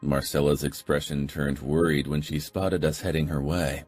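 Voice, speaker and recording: A male narrator reads a first-person audiobook in a steady, low-key manner. His voice is very deep and husky. Faint music sits under the narration. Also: normal speed, few pauses.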